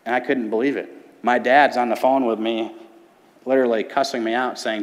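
A man's voice: medium pitch, fairly even intonation. A man in his thirties, a youth pastor, telling his personal testimony from a church stage with earnest, paced storytelling. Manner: earnest storytelling with dramatic pauses. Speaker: middle school ministry pastor. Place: church sanctuary. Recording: long church hall reverb.

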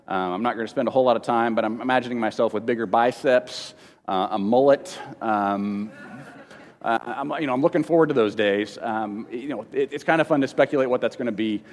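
A man teaching a Bible lesson to a congregation in a casual, halting way, often repeating words and slipping in jokes, at times emotional. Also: mid-range voice. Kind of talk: informal teaching sermon with questions to the room. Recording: long reverb of a large hall.

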